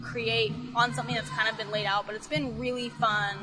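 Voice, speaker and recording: A woman guitarist in a band, talking excitedly and rambling in a casual festival interview. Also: a little high, fairly quick, rough recording. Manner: excited, rambling, filler-heavy. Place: outdoor music festival. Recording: music playing clearly in the background.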